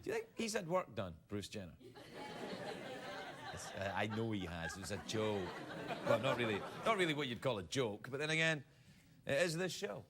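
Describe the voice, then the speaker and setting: A man hosting a late-night talk show, reading viewer emails aloud and riffing on them with animated, mock-indignant comedy. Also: medium pitch, normal speed, pauses often, over a noisy crowd. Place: TV studio with live audience. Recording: loud studio audience, live-broadcast noise.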